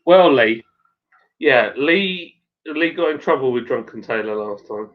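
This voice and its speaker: Man, mid-pitched voice, easygoing jokey chat, dull lo-fi call audio. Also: a little slow. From Sussex, England. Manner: relaxed, joking. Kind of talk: casual beer chat.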